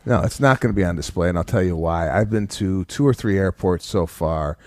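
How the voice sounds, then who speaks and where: A man co-hosting a comedy podcast in casual chat, with an expressive, exclamatory delivery. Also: sits low, fairly quick. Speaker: podcast co-host.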